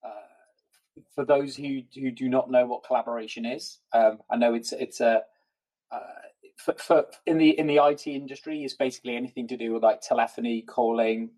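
A man's voice: medium pitch, fairly even intonation, fairly quick, darkish tone, poor audio. A man from South Wales with a Welsh accent, a guest chatting casually on a podcast and rambling through many fillers and restarts. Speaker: guest, IT collaboration lead.

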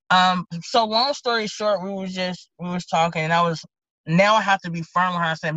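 A woman's voice: fairly low pitch, steady tone, normal speed, a bit bright, no echo. A woman sheriff's deputy with a Southern US accent telling a story in a casual interview, animatedly acting out both sides of the conversation. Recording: dull lo-fi podcast audio.

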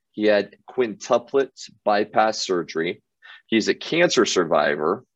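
A man's voice: lowish voice, no room sound, highs cut off. A man hosting a motivational show, telling stories casually with lots of fillers and restarts. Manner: enthusiastic, loose, many fillers and restarts. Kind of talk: casual storytelling monologue.

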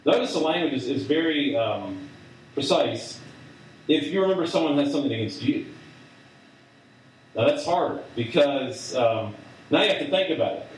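A man giving a conversational sermon to a group, halting often with fillers and restarts. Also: medium pitch, expressive, slight background noise. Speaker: preacher. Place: large room with audience. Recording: echoey hall from a distance.

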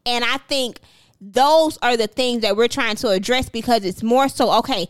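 A woman's voice: on the high side, moderate pace, clean tone, no room sound. A woman co-hosting a casual talk show, speaking frankly and telling stories. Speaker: co-host. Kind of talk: casual podcast chat.

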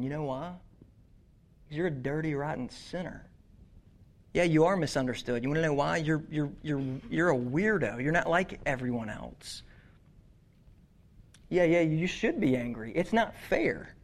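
Taunting male tempter, low and quiet, acted by a man mid-sermon. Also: expressive, normal speed, pauses often. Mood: sneering. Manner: mocking, taunting, low and hushed. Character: sneering male tempter, the devil, accusing.

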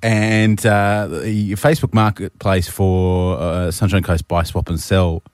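A man's voice: sits low, flat delivery, slow pace, smooth, no echo. A man hosting breakfast radio, joking and teasing, often laughing, on a studio microphone. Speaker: radio host.

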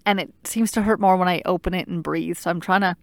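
With no room sound behind her, a middle-aged woman with a lowish voice recounts a personal story in casual talk. It comes out animated and halting, broken by many restarts and filler "like"s.

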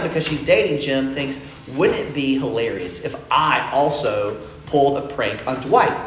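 Higher-voiced young preacher, echoey hall. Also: male voice, fairly bright tone, a little hiss or hum. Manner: casual storytelling with many fillers. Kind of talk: sermon. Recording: echoey room, faint ambience.

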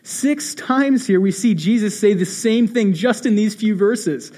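Young male pastor with a high voice, storytelling sermon, shifts from quiet to punchy. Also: unhurried. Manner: storytelling with rhetorical questions, swinging between hushed and emphatic.

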